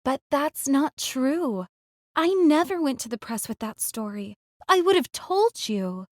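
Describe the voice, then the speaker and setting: A woman voicing a young female singer who pleads with her ex and defends herself in soft, earnest lines of audiobook dialogue. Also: sits high, animated, a little slow, no room sound, clean studio sound. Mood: defensive. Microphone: close studio mic.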